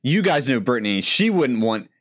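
A man's voice: mid-range voice, very animated, moderate pace. An easygoing man with a mid-range voice chats casually as a podcast co-host. He talks plainly and laughs along with his friends. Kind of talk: casual chat.

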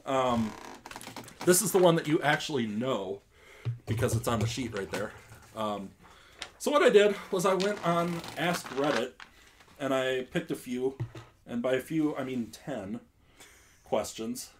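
A man's voice: mid-range voice, expressive, a little slow, long pauses, a little hiss or hum. Rambling young man hosting a podcast. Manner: rambling, many ums, laughs often. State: drinking beer. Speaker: podcast host. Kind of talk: casual chat.

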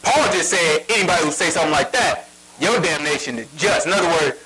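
Lively, high-voiced, emphatic male preacher. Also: quick pace, a crowd in the background, poor audio. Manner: emphatic, asks rhetorical questions, prods the reader. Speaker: Bible teacher. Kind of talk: sermon.

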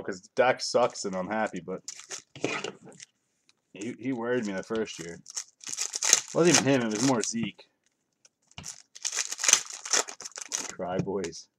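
With a mid-range voice, a middle-aged man speaks unhurriedly and pauses often as he reads out cards during a live card break. He keeps the stream chat casual, offhand, and joking with viewers. Background noise is present.

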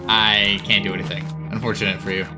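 A man's voice: lowish voice, little pitch movement, fast, music in the background. A man giving chatty commentary while playing a horror game, talking back to the characters on screen. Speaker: gaming streamer.

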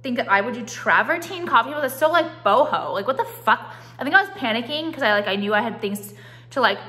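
A young woman vlogging casually at home on a phone camera, swearing often and talking in quick, restarting bursts full of "like". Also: fairly high pitch, expressive, bright, forceful tone. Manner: chatty, profane, full of "like" and restarts. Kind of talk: casual vlog chat. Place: at home, walking through rooms.

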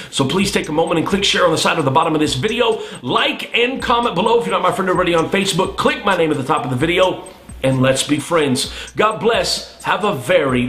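Bright-voiced man preaching with passion. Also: a little high. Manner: impassioned, emphatic preaching. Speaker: minister. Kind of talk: testimony sermon. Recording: roomy echo.

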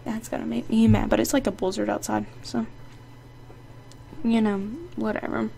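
Woman, gaming commentary, gravelly fry, faint hiss behind, keyboard clicks, desk mic. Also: fairly high pitch, moderate pace. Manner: chatty, excitable, playfully sassy. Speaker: gaming channel host. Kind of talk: casual gameplay commentary. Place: indoor home setup. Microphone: desk microphone.

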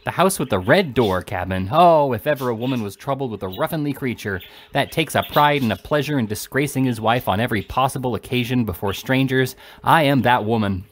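A man's voice: animated, fairly quick, few pauses, lightly acted. Brief: man voicing an aggrieved, bickering wife, reproachful tone. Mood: indignant. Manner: shrill, reproachful. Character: quarrelsome, put-upon married woman.

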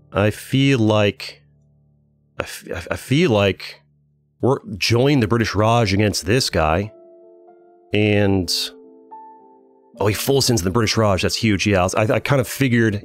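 Low-voiced man narrating his gameplay. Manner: relaxed, thinking aloud with frequent fillers and restarts. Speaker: gaming channel host. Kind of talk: casual gameplay commentary.

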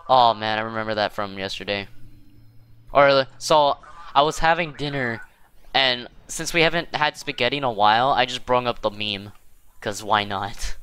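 A man's voice: mid-range voice, steady tone, normal speed, bright, forceful tone, clean tone. A man hosting casual gameplay commentary, rambling and self-deprecating, with many fillers and restarts. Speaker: gaming channel host.

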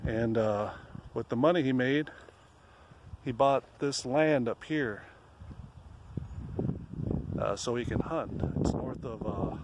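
Slow-talking guy rambling on a walk in the woods, kinda out of breath, faint outdoor hum behind. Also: mid-range voice. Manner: self-deprecating, rambling, sings folk song slowly. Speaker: vlogger. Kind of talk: casual walking vlog with singing. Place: outdoors in a wooded park. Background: faint outdoor ambience.

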